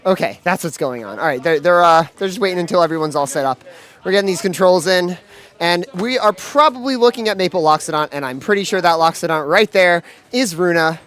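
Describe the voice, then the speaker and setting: A man doing live play-by-play commentary at a gaming event, excitable and full of fillers and restarts. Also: high-pitched, a little fast. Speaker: esports commentator.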